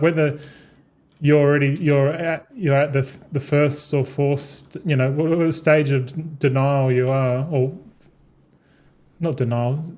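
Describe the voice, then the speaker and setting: A man's voice: on the high side, a little mellow. Rambling, swearing young man streamer. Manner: repetitive, stumbling, swears freely. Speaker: gaming streamer. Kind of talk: casual rambling stream talk.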